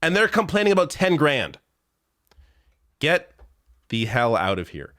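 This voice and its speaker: A man's voice: on the high side, huge pitch swings, measured pace, fairly bright tone, no echo, clean studio sound. A man hosting a political commentary show, talking in an exasperated, sarcastic way and rattling off lists of names and figures.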